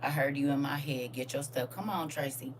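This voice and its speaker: An older woman, hosting a casual live chat, laughing and swinging between soft asides and loud high bursts. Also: fairly quick, recorded from a distance, a little hiss or hum. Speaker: host reading viewer comments.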